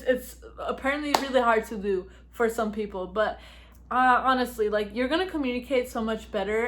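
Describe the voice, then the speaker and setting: A young woman vlogging at home, giving chatty advice to the camera, laughing often and talking fast. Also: on the high side. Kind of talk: casual talk to camera.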